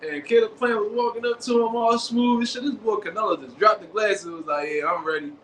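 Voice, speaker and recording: High, bright, and slangy, this boxing show host's casual commentary comes in fast, animated bursts as he acts out quotes. An echoey room and faint background hiss surround his voice.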